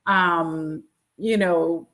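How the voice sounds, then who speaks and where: A woman's voice: fairly low pitch, steady tone, extremely slow, a bit bright. A woman, a guest pastor and wife, speaking casually and thoughtfully about marriage, with frequent ums.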